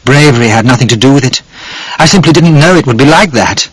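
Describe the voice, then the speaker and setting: A man's voice: medium pitch, animated, quick pace, breathy edge, no room sound. A man voicing a young genteel Englishwoman, earnest and shaken, in a storybook reading.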